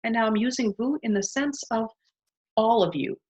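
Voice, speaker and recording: A woman's voice: on the high side, moderate pace, darkish tone, breathy edge. A woman teaching a beginner language lesson, patiently modeling phrases and asking the listener to repeat them. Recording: dull lo-fi sound.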